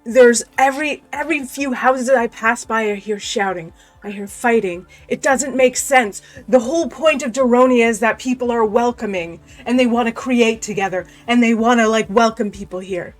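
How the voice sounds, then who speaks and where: Woman doing a male sheriff, blunt, exasperated, fairly high voice, faint music behind, tabletop role-play. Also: normal speed, few pauses, lightly acted. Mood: uneasy. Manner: blunt, exasperated, talks straight.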